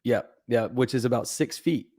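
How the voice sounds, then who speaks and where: A man's voice: medium pitch, moderate pace, darkish tone. A man guest on a podcast, talking earnestly in loose, casual chat with some swearing.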